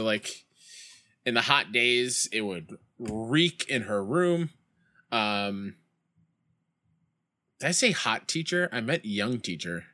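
A young man chats casually through a baseball game stream, his voice bright and forward. His pitch swings widely, jumping up into shouts when a play goes wrong, and he drifts into rambling stories between at-bats. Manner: reads chat aloud and tells rambling school stories. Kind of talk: casual gaming stream chat.

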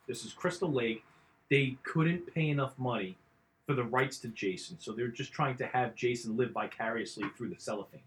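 A man's voice: mid-range voice, moderate pace, a little hiss or hum. Crude joking man riffing on a movie. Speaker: co-host. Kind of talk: casual movie commentary.

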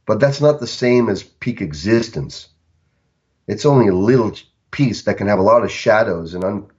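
A man who works as a coach, speaking on a podcast in a reflective, storytelling way and slowing down on key words. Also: lowish voice, a little mellow. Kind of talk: casual podcast conversation. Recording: dull lo-fi recording.

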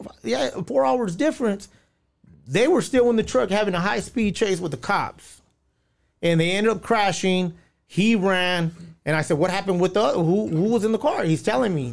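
A man's voice: high-pitched, vocal fry. A man, a podcast guest telling a long personal story with lots of fillers and acted-out quotes. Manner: rambling storytelling with many fillers, acting out quoted dialogue.

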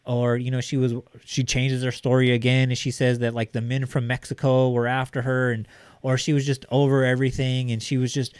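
A man's voice: mid-range voice, completely flat delivery, brisk, smooth, no echo. A man co-hosting a podcast, talking loosely in casual chat with many fillers. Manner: loose, filler-heavy talk. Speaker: podcast co-host.

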